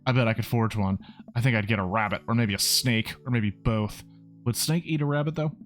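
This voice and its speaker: A man's voice: medium pitch, a little fast, soft background music, lightly acted. A man voicing a cheerful teenage girl in a dating game, with a bubbly, lightly teasing manner. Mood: playful. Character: cheerful teenage girl, college-bound daughter.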